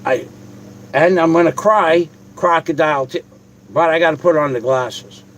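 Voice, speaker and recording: A man in his own home vlog, rambling and profane as he talks straight to his audience. His voice sits a little high for a man, with a faint hiss of noise under it. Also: moderate pace, fairly bright tone, low-quality recording. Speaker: video host.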